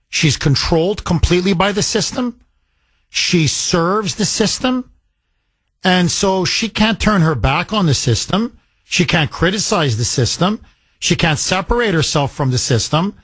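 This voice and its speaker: A man's voice: high voice, fairly bright tone, slightly rough, dry recording. A man hosting a political talk radio show, speaking in a heated, emphatic way and driving his points home with repetition.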